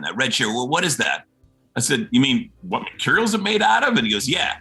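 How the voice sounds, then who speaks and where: A man telling a lively anecdote, acting out the people in it. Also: medium pitch, a little fast, faint music behind. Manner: lively storytelling, acting out quotes. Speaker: actor telling a story.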